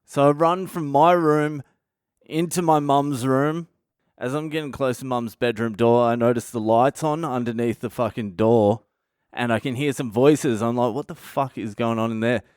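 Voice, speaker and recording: An Australian man in his thirties tells a story in a blunt, offhand way, swearing often. His voice is smooth and clear. The recording is close and dry. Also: mid-range voice, normal speed, darkish tone, no room sound. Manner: swears constantly, blunt and conversational. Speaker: comedian and podcast host. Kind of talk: casual comic storytelling.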